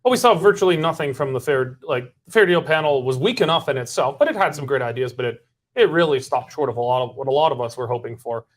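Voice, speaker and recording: Male host, mid pitch, probing, presses with questions. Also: lively intonation, fast talker. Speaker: political talk show host. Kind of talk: casual political panel discussion.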